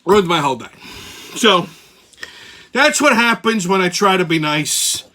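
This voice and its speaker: Bright-voiced, profane man ranting. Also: sits high, a little slow. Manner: profane, heated, animated. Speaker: channel host. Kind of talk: casual storytelling rant.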